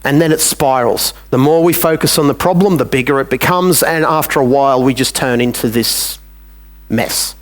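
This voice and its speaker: A man's voice: medium pitch, moderate pace. A man with an Australian accent preaching a sermon in a church, talking plainly and acting out little dialogues with God.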